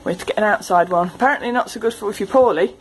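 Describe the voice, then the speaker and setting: A woman, giving a chatty, animated walk-through of a ferry trip for her travel vlog. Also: medium pitch, a little hiss or hum, rough recording. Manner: chatty, animated, quick to laugh. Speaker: travel vlogger. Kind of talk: casual walk-through commentary. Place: ferry car deck and cabin.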